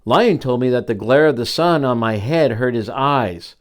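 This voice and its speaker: A man's voice: medium pitch, normal speed, lightly acted. A stilt-legged stork from a storybook who complains, voiced by an older man. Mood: complaining.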